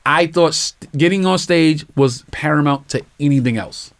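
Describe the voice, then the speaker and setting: Animated storytelling comedian, fairly high voice. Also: male voice, normal speed. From New York. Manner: acts out voices in his anecdotes, swears freely. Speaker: comedian guest.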